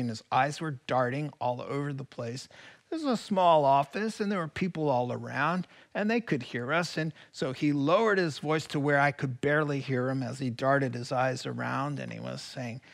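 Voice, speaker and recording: A man preaching a sermon as pastor, animated, swinging from loud declarations to hushed whispers. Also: mid-range voice, normal speed, gravelly. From California.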